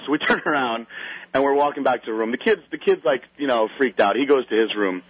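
A man's voice: mid-range voice, lively intonation, fast talker, husky, no echo, low-quality recording. A man in a casual chat, telling a long story as a guest and animatedly acting out what other people said.

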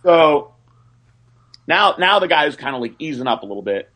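A man casually telling a story in animated, profane fashion. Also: fairly high pitch, normal speed.

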